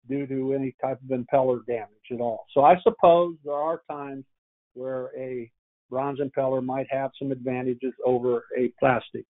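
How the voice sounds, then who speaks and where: A man giving a product training lecture on pumps, speaking in a folksy, plain-spoken way with frequent restarts and stories. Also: medium pitch. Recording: tinny phone-like sound.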